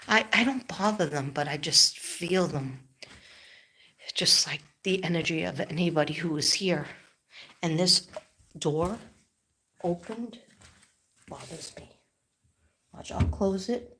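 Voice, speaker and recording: A woman's voice: lowish voice, a little slow, pauses often, fairly bright tone, a little hiss or hum. A middle-aged woman chatting on a live stream, telling rambling, emotional stories and often dropping to a near-whisper. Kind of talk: casual live-stream chat.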